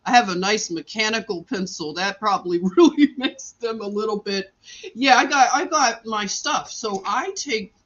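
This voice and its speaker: A woman's voice: medium pitch, moderate pace, a bit bright, lo-fi sound. A woman live streaming from a hospital room, telling a story in casual chat, laughing often and acting out what people said. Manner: chatty, laughs often, acts out quotes.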